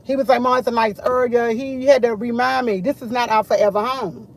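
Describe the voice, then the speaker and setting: A middle-aged woman chatting casually to camera, full of animated retellings of what others said. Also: on the high side, brisk, vocal fry. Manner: animated, quotes others a lot. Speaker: vlogger.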